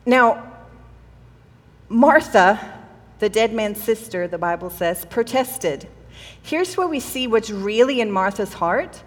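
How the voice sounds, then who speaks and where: A woman's voice: on the high side, expressive, slow, long pauses, long reverb tail. A woman preaching a sermon in a conversational way, acting out the quoted voices of the people in the story. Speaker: pastor. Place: church hall.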